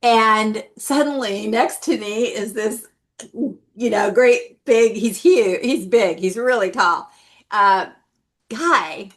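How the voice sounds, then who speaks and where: A middle-aged woman, an artist guest in an interview, telling stories in a lively, animated way. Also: takes it slowly. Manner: lively, animated anecdotes with big pitch jumps. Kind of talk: casual interview storytelling.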